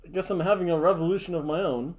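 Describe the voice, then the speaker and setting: A man's voice: sits high, steady tone, fast talker, a little mellow, faint music behind. A man hosting a casual wrestling predictions chat, jokey and theatrical, hamming up wrestler introductions. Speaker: wrestling show host.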